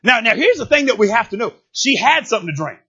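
Animated, husky-voiced male preacher. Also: extremely high pitch, quick pace, lo-fi sound. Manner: animated and playful, acts out characters, rises to shouts. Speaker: pastor. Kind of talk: sermon.

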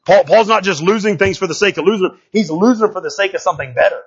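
Husky, high-voiced man preaching a sermon. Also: fast talker, muffled recording. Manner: animated, conversational preaching with frequent "right?" asides; swings from low murmurs to shouted outbursts. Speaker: pastor.

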